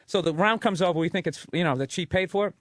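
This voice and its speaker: Brief: comedian guest, high voice, crude and lively storytelling, dry studio sound. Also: male voice, fast talker, no echo. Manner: profane, animated storytelling. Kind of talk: comic anecdote on a talk radio show.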